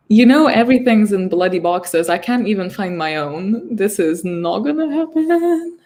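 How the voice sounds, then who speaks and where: A woman's voice: medium pitch, lively intonation, takes it slowly, long pauses, a little mellow. A woman hosting a livestream, chatting casually and laughing often as she teases her guests. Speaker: livestream host.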